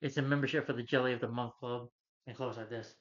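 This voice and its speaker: A young man who reviews movies recaps a film casually, talking fast in a mid-range voice with fairly even intonation. He rambles with lots of "you know" fillers, and the lo-fi recording sounds slightly dull.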